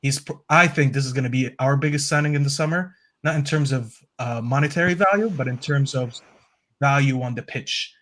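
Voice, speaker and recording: A man's voice: medium pitch, a little fast, a bit bright, slight background noise. A man speaking as a fan panelist in a casual football chat, earnest and rambling, with many hesitations. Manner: earnest, rambling, lots of "um" fillers.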